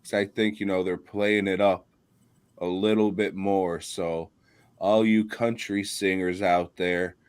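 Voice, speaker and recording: A man co-hosting a comedy podcast, swearing through mock rants. His voice sits low and he takes his time. The banter stays loose and jokey. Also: fairly even intonation, measured pace, clear, resonant tone, no room sound. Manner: profane, mock-ranting. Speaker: podcast co-host.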